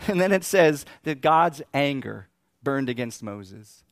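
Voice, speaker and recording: A man preaching a sermon in an animated, lively way, often laughing and acting out the scripture he talks about. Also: medium pitch, measured pace, dry recording, clean studio sound. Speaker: pastor.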